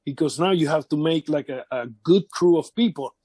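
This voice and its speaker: Man, fairly high voice, dry close sound, halting storyteller, repeats himself. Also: dark tone, slightly rough, dry recording. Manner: halting, repeats words, acts out quotes of others. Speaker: wrestling veteran interviewee. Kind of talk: casual shoot interview storytelling.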